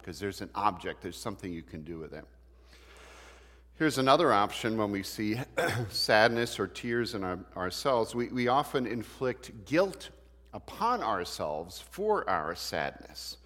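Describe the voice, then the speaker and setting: A man's voice: fairly low pitch, very animated, unhurried, a bit bright. Man teaching a church class in a reverberant hall. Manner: conversational, asks the class rhetorical questions.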